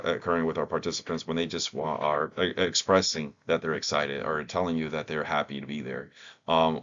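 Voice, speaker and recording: Very deep-voiced man, halting training talk. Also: fairly bright tone. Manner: hesitant, many fillers and restarts. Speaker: staff trainer. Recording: dull lo-fi recording.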